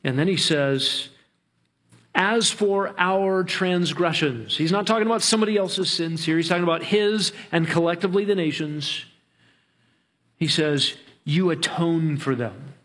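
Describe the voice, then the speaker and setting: A man pastor preaching a sermon, earnest, slowing down to stretch key words. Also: fairly high pitch, fairly bright tone.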